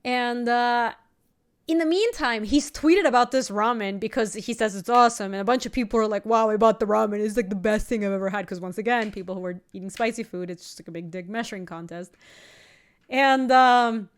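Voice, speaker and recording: A young woman streamer chatting casually while playing a card game, telling an animated story with laughing asides. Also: on the high side, a little fast, clean tone. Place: home streaming setup.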